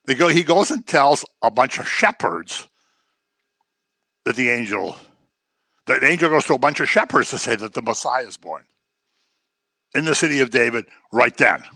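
A man preaching a sermon in an animated way, acting out the voices he quotes. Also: mid-range voice, normal speed, long pauses, breathy edge, dry recording.

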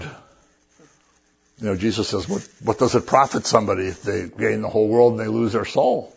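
Husky guy giving a sermon, casual and jokey, sounds kinda muffled and lo-fi. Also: on the low side, darkish tone. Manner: conversational, joking storyteller. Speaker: pastor. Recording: dull lo-fi recording.

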